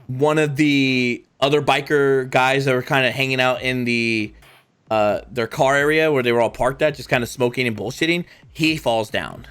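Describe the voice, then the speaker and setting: A man's voice: medium pitch, normal speed, a bit bright, clear, resonant tone. A man narrating a tabletop game as game master, rambling with many fillers. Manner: rambling, lots of fillers and voiced asides.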